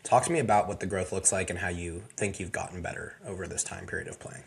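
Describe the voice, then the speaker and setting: A man with a somewhat low, husky voice hosts a relaxed interview. He asks his questions loosely, in an easygoing, encouraging tone. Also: fast. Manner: laid-back, encouraging interjections. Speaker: podcast host.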